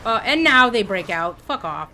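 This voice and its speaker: A woman streaming a game live, chatting excitably with her viewers as she plays. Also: mid-range voice, moderate pace, a little hiss or hum. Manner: excitable, chatty, talks to chat. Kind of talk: live gameplay commentary.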